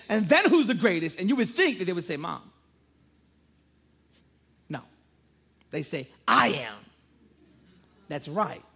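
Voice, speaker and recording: A pastor in his thirties with a husky, slightly breathy voice pitched a little high. He preaches with a playful, joking storyteller's touch and prays with fervor. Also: a bit bright. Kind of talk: sermon.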